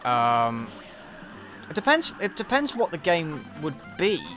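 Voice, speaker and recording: A man's voice: a little high, wildly swooping pitch, slow, over music. An English man chatting casually on a live stream, answering viewers in a dry, self-deprecating, offhand way. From England. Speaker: YouTube reviewer streaming a game.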